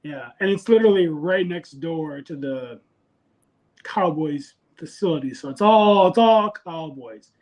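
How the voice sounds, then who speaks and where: A man's voice: fairly high pitch, animated, unhurried, a little mellow. A man calling in to a casual show over a video call, easygoing and laid-back. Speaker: caller.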